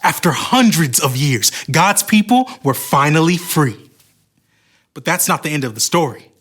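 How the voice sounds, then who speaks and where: Man, slightly high voice, very animated melody, dramatic Bible storyteller for kids. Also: moderate pace.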